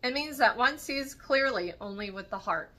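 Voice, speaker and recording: Awkward, eager young man in a read-aloud novel, a woman reading him, nervous and rambling, bright tone. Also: fairly high pitch, animated, moderate pace, pitched above the performer's own voice. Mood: earnest.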